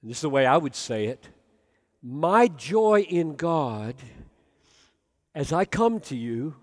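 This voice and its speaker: A man delivers a sermon in a notably high voice, speaking slowly and deliberately. He is earnest and emphatic, often sinking into soft, low passages. His voice carries the long reverb of a large hall. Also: sing-song. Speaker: preacher.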